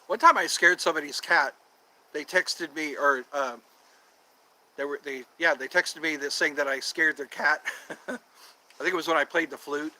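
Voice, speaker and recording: A man's voice: fairly high pitch, normal speed, bright, forceful tone, rough recording. A man hosting a casual livestream, chatting with viewers in a playful, jokey, teasing way. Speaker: livestream host.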